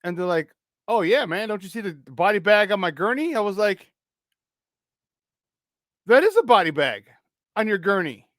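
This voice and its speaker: Man, high voice, sports talk co-host, casual storytelling, acts out the people in his story, dry close sound. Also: expressive, normal speed, pauses often, fairly bright tone, dry recording. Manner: swears casually, many restarts.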